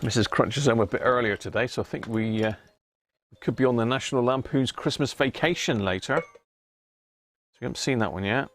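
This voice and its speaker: A man's voice: mid-range voice, brisk, a bit bright, slight background noise. A man hosting a casual live stream from his home workshop, chatting loosely, laughing at himself and trailing off with ums. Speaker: radio restoration livestream host.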